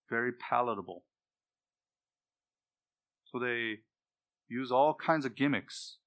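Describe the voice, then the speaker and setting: A man delivers a sermon in an impassioned, emphatic style, his voice pushing hard to loud peaks on the points he stresses. His tone is bright and forceful, and his pitch sits in the middle range. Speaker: preacher.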